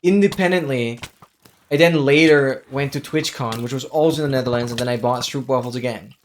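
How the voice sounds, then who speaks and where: A game streamer chatting casually during a live gameplay stream, excitable, exclaiming often and thanking viewers. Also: medium pitch, a little fast, slight background noise.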